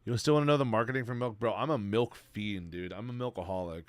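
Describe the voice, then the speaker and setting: A young man streaming, chatting casually in a rambling, slang-heavy, excitable way. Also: fairly low pitch, fast, dry recording. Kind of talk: casual chat.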